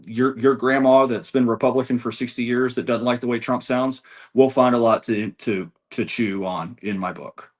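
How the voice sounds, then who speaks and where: A man is interviewed as an election data analyst, reeling off statistics with frequent restarts. His voice sits at a medium pitch with fairly even intonation, and he talks at a normal speed.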